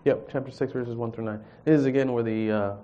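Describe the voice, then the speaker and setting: A man's voice: mid-range voice, fast talker, slight background noise. Man telling a testimony, dull recording. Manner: animated storyteller, acts out dialogue, chuckles. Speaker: church group speaker. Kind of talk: personal testimony and scripture reading.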